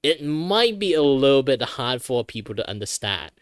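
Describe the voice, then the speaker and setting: A man from Malaysia with a Malaysian English accent, chatting casually on a stream in a rambling, animated way. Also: mid-range voice, moderate pace, no echo, clean studio sound. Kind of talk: casual chat while drawing.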